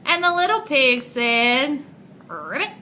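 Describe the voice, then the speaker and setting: Bright, expressive woman reading aloud. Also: on the high side, unhurried, a little hiss or hum, rough recording. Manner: expressive, asks guiding questions. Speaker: teacher. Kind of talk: reading a picture book aloud.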